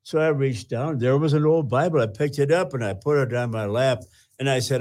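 An older man, a retired pastor, earnestly telling his personal testimony with halting restarts. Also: mid-range voice, darkish tone.

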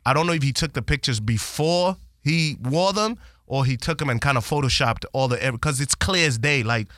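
A man hosting a podcast, animated and profane as he retells a story in casual slang. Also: medium pitch, a little fast, no room sound, studio quality.

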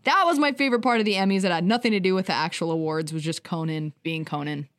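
A woman co-hosting a casual chat show, retelling stories with lively acted-out quotes. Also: on the low side, fast. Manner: animated storyteller, acts out quotes. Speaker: podcast co-host.

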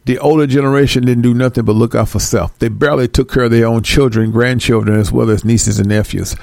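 A man's voice: medium pitch, steady tone, quick pace, gravelly, a little mellow, no room sound, studio quality. A man preaching in a blunt, profane and scolding way, stopping to read scripture aloud and repeating words for stress. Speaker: religious teacher. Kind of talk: street-style preaching with scripture reading.

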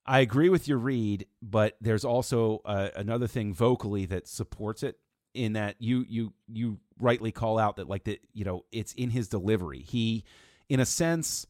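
A man with a somewhat low voice, talking through a film in a relaxed podcast chat. He reasons step by step, restarting sentences as he builds each point. The sound is dry and close, with no room around it. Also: normal speed, no room sound. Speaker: podcast co-host. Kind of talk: casual podcast discussion.

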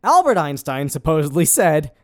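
Young male podcast host, sarcastic and rambly, smooth and slightly high-pitched. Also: sing-song, moderate pace. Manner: sarcastic, rambling, swears casually. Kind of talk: casual podcast chat.

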